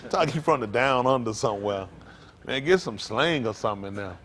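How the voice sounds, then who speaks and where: With a little hiss or hum in the recording, a US pastor preaches at a moderate pace in a medium-pitched voice. He is animated and laughing, teases the congregation, and keeps checking "isn't that right?" throughout his joking, informal sermon.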